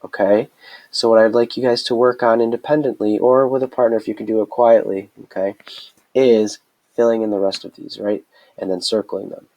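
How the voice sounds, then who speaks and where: A man's voice: on the low side, flat delivery, fairly quick, a little mellow, rough recording. A man teaching a Spanish grammar lesson in a recorded screencast, chatty and explaining step by step with frequent checks.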